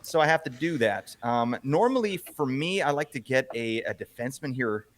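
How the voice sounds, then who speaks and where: A man hosting a casual podcast chat, teasing his co-hosts and giving quick recaps. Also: medium pitch, expressive, slight background noise. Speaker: podcast host. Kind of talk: casual fantasy hockey chat.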